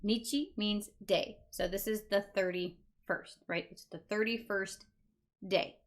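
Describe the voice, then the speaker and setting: A woman's voice: mid-range voice, steady tone, a little slow. A woman teaching a beginner Japanese lesson, patiently repeating each word for learners. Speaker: language teacher.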